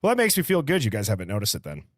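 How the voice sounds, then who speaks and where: Lively low-voiced male stream host. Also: racing, no echo, clean studio sound. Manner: loose, friendly, reads chat aloud and greets viewers. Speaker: livestream host. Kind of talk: casual chat with live viewers.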